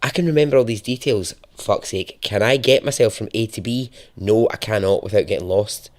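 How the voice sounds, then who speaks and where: A young Scottish man hosting a podcast, telling a true story in a chatty, expressive way that turns hushed and dramatic. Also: fairly low pitch, a little fast. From Scotland. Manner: lively, chatty and profane, dropping to a hushed, dramatic tone for dark moments. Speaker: podcast host. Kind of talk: conversational true-story narration.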